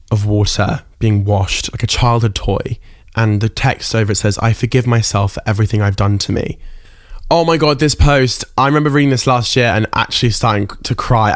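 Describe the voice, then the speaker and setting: A man's voice: mid-range voice, no echo. A young man hosting a solo podcast, talking candidly and emotionally, close to tears, with casual swearing. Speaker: podcast host.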